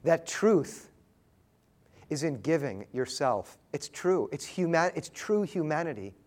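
A man in his thirties preaching a sermon, telling a story earnestly and pausing for emphasis. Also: a little high, sing-song, a little mellow. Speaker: pastor.

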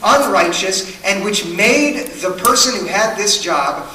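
A man's voice: sits high, lively intonation, measured pace, pushed and bright, a little hiss or hum. A man preaching a sermon to a congregation, earnest and questioning, building his points through repetition. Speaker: pastor. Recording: echoey hall, mic at a distance.

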